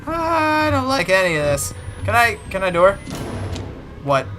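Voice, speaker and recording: A man's voice: high-pitched, very animated, measured pace. A man commentating a horror game, muttering and swearing nervously to himself. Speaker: let's play gamer. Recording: game music behind voice.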